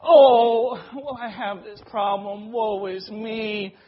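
A man voicing a whining, panicky man wailing and blaming others over a broken egg, shrill and frantic. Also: steady tone, slow. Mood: self-pitying. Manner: shrill, frantic, self-pitying. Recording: dull lo-fi recording.

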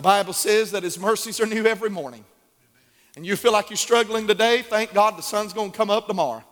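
A male pastor preaching a sermon, asking and answering his own questions, repeating key lines and building to shouts. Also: high voice, fairly quick. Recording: long hall reverb.

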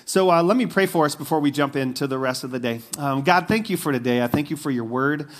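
A man's voice: a little high, fast. Casual, talkative male pastor preaching. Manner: casual, conversational preaching with fillers and asides. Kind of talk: sermon.

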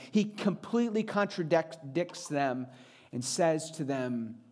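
A man preaching a sermon in an earnest way, shifting his pace and pitch for emphasis. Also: lively intonation, unhurried, a little mellow. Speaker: pastor.

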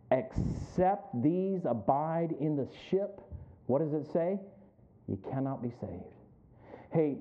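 A male pastor preaching a sermon, with emphatic, rising calls and frequent questions to the congregation. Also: medium pitch. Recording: tinny phone-like sound.

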